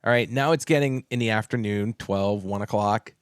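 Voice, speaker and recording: A man's voice: on the low side, moderate pace, clear, resonant tone, no echo, studio quality. Man telling a story animatedly. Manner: animated, repeats himself, acts out quotes with laughter; swears casually. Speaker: podcast co-host telling a story. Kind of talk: casual storytelling chat.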